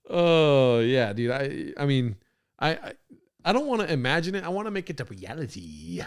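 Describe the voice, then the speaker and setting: A man hosting a podcast, reacting to stream clips in casual, excitable, profane talk, laughing often. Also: mid-range voice, moderate pace, clean tone.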